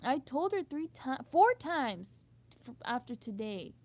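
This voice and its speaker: High-voiced young woman venting bluntly. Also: very animated, slow, darkish tone. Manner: frustrated, blunt, swears freely, rambling restarts. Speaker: vlogger. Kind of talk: emotional venting monologue.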